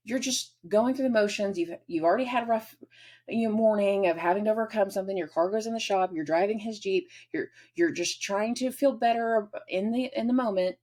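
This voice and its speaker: Husky raspy-voiced lady rambling through a star forecast, acting out little bits. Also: mid-range voice, a little mellow. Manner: rambling, acts out little scenes in quick voices. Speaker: astrology host. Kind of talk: casual astrology forecast.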